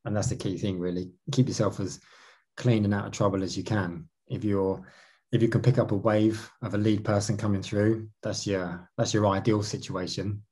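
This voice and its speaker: A man's voice: fairly low pitch, level tone, normal speed, darkish tone, husky. A man answering interview questions about his racing career, talking animatedly with many restarts. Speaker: marathon canoe racer.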